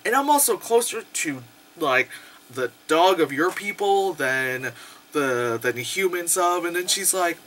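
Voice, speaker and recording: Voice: mid-range voice, expressive, unhurried, fairly bright tone, slight background noise. A young adult movie reviewer giving a casual, profane, sarcastic rant and laughing often.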